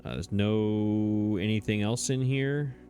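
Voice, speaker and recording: Slow and steady in tone, this man's low, dark voice carries casual commentary on his gameplay. He speaks into a desk mic as he hosts a let's play, musing aloud with hesitations and self-amused chuckles.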